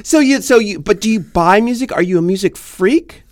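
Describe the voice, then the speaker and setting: An older man hosting a studio chat. He teases his guests and asks questions in a camp, playful manner. His pitch swings widely and the sound is close and dry. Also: expressive, normal speed, no echo. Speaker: podcast co-host. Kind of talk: casual chat. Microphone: studio microphone.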